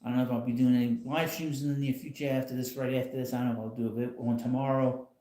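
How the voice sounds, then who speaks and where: Speaking rapid-fire in a flat, mid-range voice with a dark tone, this channel host streams casually from his home in an echoey room. He sits in a rocking chair and rambles in a blunt way, often chuckling.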